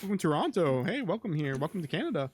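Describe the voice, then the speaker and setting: A man's voice: a little high, very animated, rapid-fire, slight background noise, pitched above the performer's own voice. A man putting on a chipper, friendly guy. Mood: cheery. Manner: bright, breezy, exclamatory.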